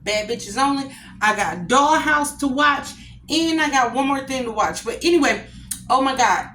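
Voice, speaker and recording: A woman chatting casually with her viewers from home as a cooking vlogger, addressing them directly and warmly as a group. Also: high voice, expressive, moderate pace, echoey room, slight background noise, low-quality recording. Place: at home while eating a meal.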